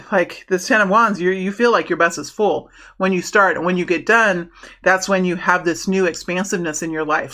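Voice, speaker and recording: A woman's voice: on the low side, a bit bright. A woman giving a casual tarot reading to her viewers, rambling and friendly, with many restarts and fillers. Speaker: tarot reader.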